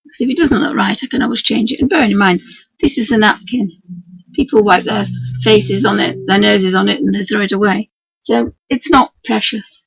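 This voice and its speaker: Woman, Yorkshire accent, hoarse croaky voice, very raspy, homely rambling painting tutor, dull lo-fi stream audio. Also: mid-range voice, a little fast. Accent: Yorkshire English. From Yorkshire, England. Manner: homely, rambling, talks to her dog and viewers. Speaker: craft tutor streaming live. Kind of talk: chatty live painting demonstration. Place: at home at her work desk. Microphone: computer mic for a live stream.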